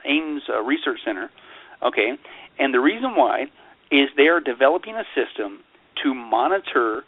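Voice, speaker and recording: A male pastor talks as an interview guest, his voice dry and tinny as if over a phone line. He builds his points in long chains of "and then" and turns sarcastic to drive them home. His pitch sits in an ordinary middle range for a man. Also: no room sound. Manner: sarcastic, mocking put-on voices. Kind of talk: animated interview talk.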